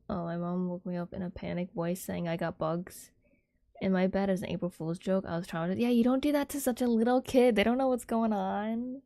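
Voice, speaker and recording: A young woman livestreamer chatting casually with viewers in a soft, airy, giggly way, rambling with lots of fillers. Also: medium pitch, vocal fry, no room sound, clean studio sound.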